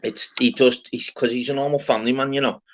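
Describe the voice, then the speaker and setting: A man's voice: medium pitch, fairly even intonation, fast. A man hosting an open-panel live stream, chatting casually with slangy, swearing banter. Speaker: livestream host. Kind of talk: casual chat. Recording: dull lo-fi stream audio.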